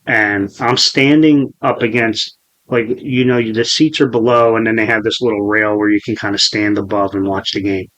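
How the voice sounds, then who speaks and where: A man's voice: fairly low pitch, fairly even intonation, normal speed, fairly bright tone, low-quality recording. A man in his forties hosting a podcast, telling a story in a profane, rambling way with many restarts. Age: 40s. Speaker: podcast host. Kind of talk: casual podcast chat.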